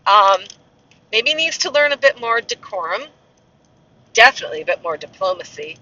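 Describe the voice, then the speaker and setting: Chatty man, bright high voice. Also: sing-song, moderate pace. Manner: rambling, chatty, self-mocking asides. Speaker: castle tour guide. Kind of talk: casual vlog chat. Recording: muffled, slightly distant mic.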